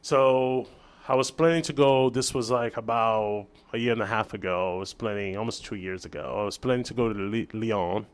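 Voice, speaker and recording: A man from Brazil, a chef guest on an interview show, telling a story in casual chat with lively restarts and acted-out dialogue. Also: fairly low pitch, normal speed. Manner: animated storyteller, acts out quoted dialogue, many restarts.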